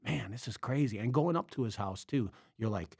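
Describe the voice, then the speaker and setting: A man in a casual podcast chat tells a long story and keeps breaking into laughter. He mimics the people in it with quick jumps in his voice. His mid-pitched voice is recorded close and dry. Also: creaky, husky, no echo. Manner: animated, acts out quotes with laughs. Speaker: podcast host, comedian.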